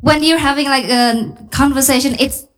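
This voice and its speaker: A woman English tutor explaining natural phrasing in a careful, gentle way. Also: high-pitched, fairly even intonation, normal speed. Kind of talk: teaching spoken English.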